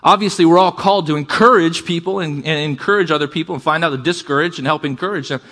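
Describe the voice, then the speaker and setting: A man preaching a sermon to a congregation, calling for amens and shifting between fast bursts and slow, quiet emphasis. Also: on the high side. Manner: energetic preaching, calls for amens, varies pace and volume. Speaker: pastor.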